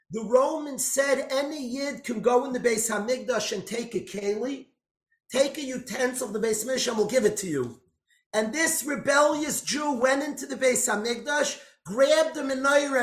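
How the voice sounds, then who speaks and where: A man giving an impassioned storytelling sermon, swinging between loud outbursts and hushed lines. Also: very high-pitched. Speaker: speaker giving a religious talk. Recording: echoey room.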